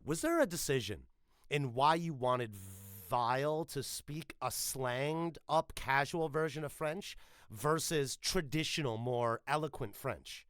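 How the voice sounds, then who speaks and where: A man from the United States hosting a podcast interview, chatting in an animated, profane, jokey way with lots of restarts. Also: mid-range voice, measured pace, clear, resonant tone, no room sound, studio quality. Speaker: podcast host. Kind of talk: casual interview chat.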